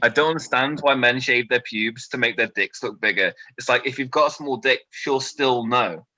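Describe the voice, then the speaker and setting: A man's voice: medium pitch, normal speed, dry recording, poor audio. Young British man doing stand-up. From Britain. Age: 20s. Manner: deadpan one-liners, nervous asides to a quiet crowd. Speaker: stand-up comedian. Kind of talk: stand-up set.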